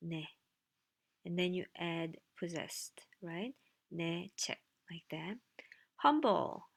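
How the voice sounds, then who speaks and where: A woman's voice: fairly low pitch, gravelly. A woman teaching a language lesson, explaining slides in a casual way with dry asides. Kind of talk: recorded lecture with slides.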